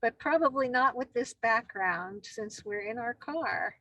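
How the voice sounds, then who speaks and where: Casting note: woman, slightly high voice, playful co-host on a video call from a car, dry close sound. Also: expressive, unhurried, sharp tone, no room sound, poor audio. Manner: playful, teasing, laughs easily. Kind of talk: casual banter. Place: parked car. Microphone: phone on video call.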